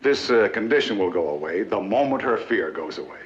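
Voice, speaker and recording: A man playing a calm reassuring doctor. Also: fairly low pitch, natural voice. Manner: measured, explanatory. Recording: dull archival TV audio.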